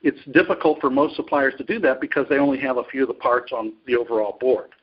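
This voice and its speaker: A male executive being interviewed, answering in a measured, explanatory way with frequent fillers. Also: mid-range voice, slightly rough, muffled recording. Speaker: industry executive guest. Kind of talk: business interview.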